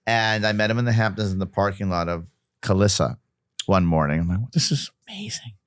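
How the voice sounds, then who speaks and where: A man's voice: sits low, fairly even intonation, a little fast, clear, resonant tone, no echo, studio quality. A middle-aged man, a podcast guest, talking casually and emphatically, often repeating himself and restarting sentences.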